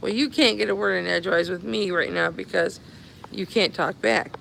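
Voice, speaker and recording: After a cancelled flight leaves her stranded at an airport, a woman live-streams from her phone in affectionate, chatty talk, calling followers babies and honey. Her medium-pitched voice is steady, creaky, and fairly bright at a moderate pace; the poor audio has a little hiss or hum.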